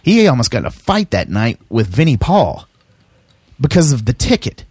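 A man's voice: mid-range voice, sing-song, normal speed, darkish tone, slightly rough, no room sound. A middle-aged man telling rambling, profane stories in casual chat, laughing as he goes. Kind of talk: casual storytelling.

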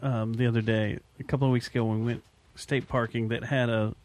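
A man's voice: mid-range voice, little pitch movement, brisk, a little mellow. Rambling podcast host man. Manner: rambling, swearing, jokey. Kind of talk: casual chat.

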